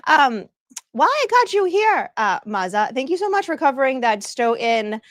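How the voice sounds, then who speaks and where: A bubbly young woman hosts a live stream, greeting her viewers one by one with plenty of laughs. Her voice sits high and bright, and the sound is close and dry, with no room around it. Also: sing-song, normal speed, no room sound. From northeastern United States. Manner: bubbly, greets chat by name, laughs often. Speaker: livestream host. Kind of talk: casual livestream chat.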